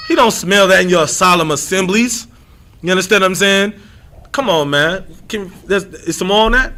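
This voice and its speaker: A man's voice: sits high, normal speed, bright, forceful tone. A man leading an informal Bible lesson, emphatic and repetitive, calling on readers by title. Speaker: scripture teacher.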